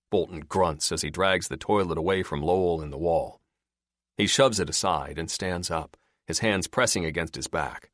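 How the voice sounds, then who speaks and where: A man narrating a paranormal audiobook in expressive scripted storytelling. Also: low voice, normal speed, no room sound, studio quality.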